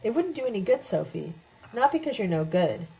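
A calm, dreamy male mystic who speaks gently and with detachment, as a woman narrator reads him. The voice stays mellow and warm, and the reading is plain. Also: mid-range voice, a little fast, gravelly, poor audio. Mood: serene.

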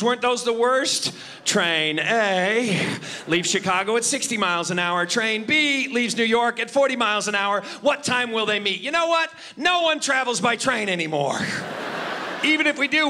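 Male stand-up comic, very high bright voice, punchy delivery, laughs at own jokes. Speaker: stand-up comedian. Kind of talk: stand-up routine.

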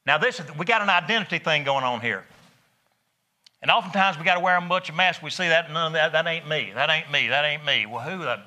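A middle-aged man delivers a sermon in a folksy, animated way, telling stories and building to emphatic peaks. His voice sits a little high and sounds very bright and sharp. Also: brisk. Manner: folksy, animated storytelling with laughs and rising emphasis. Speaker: preacher.

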